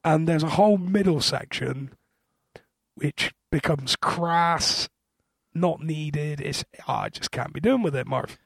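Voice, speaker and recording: A husky man chatting casually as a podcast co-host, hesitant and wry. His voice is gravelly and sits a little high. The recording is close and dry. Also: lively intonation, moderate pace, hardly any pauses, darkish tone, no echo. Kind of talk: casual chat.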